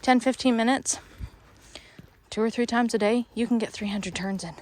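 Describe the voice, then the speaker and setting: A woman's voice: a little high, normal speed, darkish tone. A woman dog trainer, a little out of breath, explaining her training steps while she walks outdoors with a dog, and stopping now and then to praise it. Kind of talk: instructional training walk-through.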